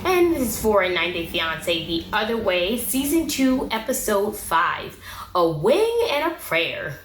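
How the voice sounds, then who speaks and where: A sassy, opinionated woman rattles through a casual reality-TV recap and scolds the people in it as she goes. Her voice sits at an ordinary pitch in a roomy, echoey space. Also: sing-song, unhurried, noisy background. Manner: opinionated, sassy, talks back at the show. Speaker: recap vlogger. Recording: roomy echo.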